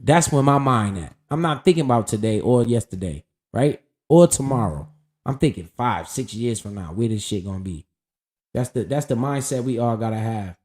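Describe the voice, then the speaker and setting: A man's voice: medium pitch, expressive, normal speed, a little mellow. A man giving casual, profane, hyped market commentary, talking straight to his viewers while going over his account. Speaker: stock market streamer.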